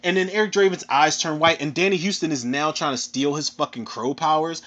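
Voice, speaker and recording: A man with a Philadelphia accent ranting casually through a film review, animated and profane, ending his phrases with "man". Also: fairly high pitch, a little fast. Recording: dull lo-fi recording.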